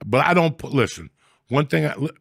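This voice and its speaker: A man with a heavy, gravelly fry in his voice rants through comic stories on a podcast. His delivery is profane and animated, and it jumps to loud outbursts when he acts out a scene. The sound is close and dry, with no room in it. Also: mid-range voice, a little fast, no echo. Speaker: podcast host. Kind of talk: casual comedic storytelling.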